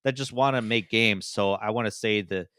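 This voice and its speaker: A man's voice: fairly low pitch, normal speed, pushed and bright, clean tone, no room sound, studio quality. A man co-hosting a gaming podcast in casual chat, rambling with many fillers and restarts. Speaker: podcast co-host.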